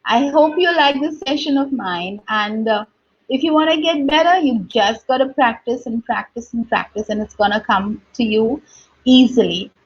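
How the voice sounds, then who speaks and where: A woman teaching English pronunciation. She models each word slowly and repeats it, checking in with her listeners as she goes. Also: on the high side, breathy edge. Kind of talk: slow, deliberate teaching with repeated model words. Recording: dull, lo-fi recording.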